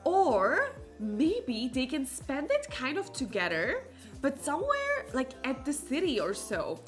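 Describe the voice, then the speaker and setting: Excitable woman streamer, high lively voice. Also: slow pace, faint music behind. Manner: chatty, excitable, rambling with fillers. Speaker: let's play streamer. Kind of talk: gameplay commentary.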